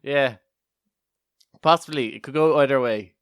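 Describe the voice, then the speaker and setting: A man's voice: medium pitch, unhurried, crowd noise. A man co-hosting a casual podcast, joking around, laughing often and telling rambling stories. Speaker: podcast co-host.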